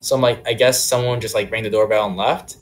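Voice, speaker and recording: A man's voice: fairly low pitch, steady tone, fast talker. A young man casually telling a long personal story on a podcast, full of "like" and "um" fillers. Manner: rambling, many "like" and "um" fillers. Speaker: podcast co-host.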